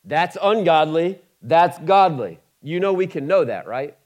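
A male pastor preaching a conversational sermon to a congregation, with quick asides and big swings from loud to quiet. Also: a little high, sing-song.

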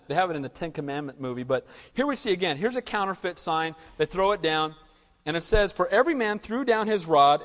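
A man preaching a sermon, telling Bible stories in an animated way and acting out the quotes. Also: high-pitched, in a large hall. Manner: animated storytelling, acts out quotes. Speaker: pastor.

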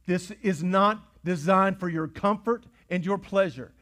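High-pitched preacher with a drawl. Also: male voice, a little slow. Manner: preaching in swells from hushed to shouting, repeats words. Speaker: pastor. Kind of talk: sermon. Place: church sanctuary. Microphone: pulpit mic.

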